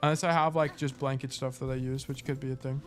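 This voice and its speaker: A man streaming himself playing a game, thinking out loud in casual, rambling talk full of "like" and "you know". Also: mid-range voice, level tone, quick pace, soft background music. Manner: rambling, thinking aloud, lots of "like".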